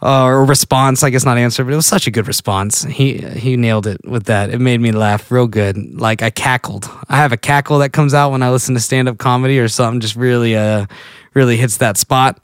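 Male solo host, loose rambling storyteller, medium pitch, dry close recording. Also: fairly even intonation, fairly quick, clean tone, no echo. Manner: rambling, self-interrupting storyteller. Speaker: podcast host. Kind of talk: casual solo chat.

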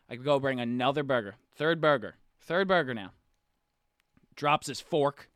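A man's voice: on the high side, normal speed, smooth, dry recording, clean studio sound. A young man on a podcast, casually telling a story and acting out the people in it, with the odd swear. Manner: animated storyteller, acts out quotes, swears casually. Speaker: podcast co-host.

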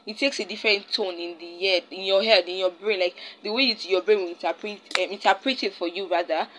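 A woman's voice: medium pitch, a little fast, a bit bright, slight background noise, rough recording. A young Nigerian woman hosting a casual solo podcast, rambling and often stopping to search for her words. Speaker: podcast host.

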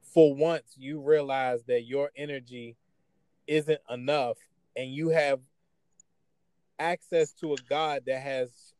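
A man's voice: mid-range voice, fairly even intonation, slow, long pauses, darkish tone, clean tone, no room sound. A man hosting a faith talk show, speaking earnestly in a sermon-like way. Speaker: host. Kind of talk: preaching-style talk.

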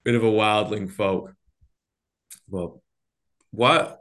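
A man's voice: deep voice, steady tone, moderate pace. A man from northern England with a Manchester accent, hosting a podcast in a chatty, slangy way and laughing often. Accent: Northern English, Manchester. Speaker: podcast host. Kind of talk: casual conversation.

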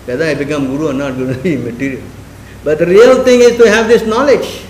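A man's voice: on the high side, fast talker, darkish tone, slight background noise. A man teaching a spiritual class in a conversational way, often questioning his listeners and acting out quoted speech. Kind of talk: sermon class. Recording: echoey room.

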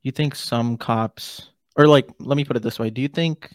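A man's voice: mid-range voice, steady tone, moderate pace, dry recording, clean studio sound. A man hosting a podcast who asks probing questions in a casual interview and often rephrases them as he goes. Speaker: podcast host.

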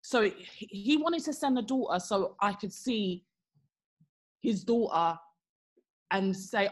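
A woman's voice: medium pitch, slow, long pauses. A young woman, co-hosting a podcast and telling a story in casual chat, acting out the people she quotes. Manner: animated, acts out quotes with exaggerated voices. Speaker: podcast co-host.

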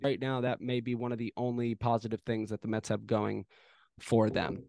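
A young man co-hosting a casual sports podcast, telling an animated, profane story and throwing in mock home-run calls. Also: mid-range voice, normal speed, creaky, no room sound. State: arm in a sling after shoulder surgery. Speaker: podcast co-host.

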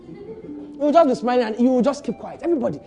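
Animated Nigerian pastor preaching. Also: male voice, very high voice, fast talker, muffled recording, soft background music. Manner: preaching with rising shouts and emphatic repetition. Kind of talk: sermon.

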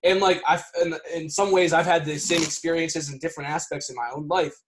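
A man hosting a podcast in casual chat, relaxed and agreeable with his guest. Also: a little high, a little fast, a little hiss or hum, poor audio. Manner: easygoing, agrees a lot, laughs along. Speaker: podcast host.

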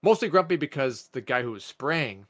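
Podcast guy, medium voice, swears a lot, rambles through stories with tons of like. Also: normal speed. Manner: profane, animated storyteller with many "like" fillers; jumps up in pitch when acting out quotes. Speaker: podcast co-host. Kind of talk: casual storytelling chat.

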